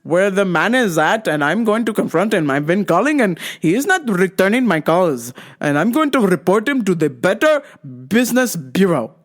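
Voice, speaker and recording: A woman's voice: mid-range voice, big pitch swings, normal speed, few pauses. Woman doing her flustered stubborn dad. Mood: defensive. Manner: fumbling, defensive.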